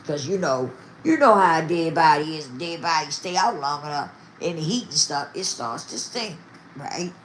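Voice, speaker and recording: A woman's voice: sits low, expressive, normal speed, slight background noise. Emphatic older woman chatting to viewers. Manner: emphatic, repeats herself, talks straight to viewers. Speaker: vlogger. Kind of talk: casual chat to viewers.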